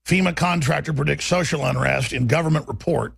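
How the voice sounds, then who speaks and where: A man's voice: fairly high pitch, brisk, gravelly, husky, dry recording, clean studio sound. A man with a Texas accent, hosting a radio talk show and ranting through a combative, sarcastic, rambling monologue.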